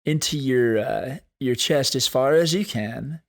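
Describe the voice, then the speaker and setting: A man hosting a solo podcast, talking in an earnest, thoughtful way and slowing down to stress key points. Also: mid-range voice. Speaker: podcast host. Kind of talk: reflective solo podcast talk.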